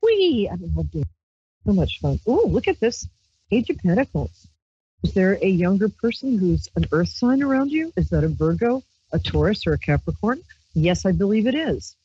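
Very animated and speaking at normal speed, a medium-pitched, breathy woman from Brooklyn, New York, hosts a psychic call-in radio show and reads tarot on a handheld mic. Her delivery is rambling, chatty and playful, with squealed exclamations. The audio has no echo and is dull, dry lo-fi stream sound.

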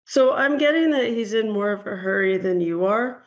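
A woman's voice: mid-range voice, animated, moderate pace. A woman hosting a call-in show as a psychic reader, talking in a chatty, meandering way with frequent ums. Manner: chatty, hedging, frequent ums and "I'm getting". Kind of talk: casual call-in reading.

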